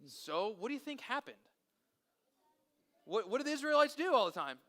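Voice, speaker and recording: Man, children's pastor, high bright voice, animated, outdoors. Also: moderate pace. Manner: animated, asks kids questions. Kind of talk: children's Bible story. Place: outdoors in a park.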